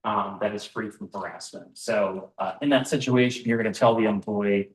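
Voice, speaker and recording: A man's voice: fairly low pitch, flat delivery, moderate pace. Man lecturing in an echoey room. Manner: conversational, frequent ums and uhs, asks the room questions. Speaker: presenter at a business training. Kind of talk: live training talk to a room. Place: meeting room with an audience. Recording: roomy, voice from far off the mic.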